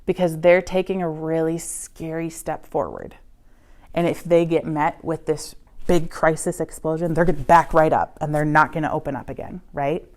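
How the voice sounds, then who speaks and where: Woman, student pastor, lowish voice, earnest coaching talk to parents, keeps asking "right?". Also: steady tone, normal speed, a little mellow. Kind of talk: church class presentation to parents.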